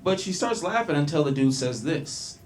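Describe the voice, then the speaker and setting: A man's voice: fairly high pitch, lively intonation, normal speed. A man from Long Beach, California doing a loose, profane stand-up set at an open mic, bantering with the crowd. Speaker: stand-up comedian. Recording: small club with faint noise.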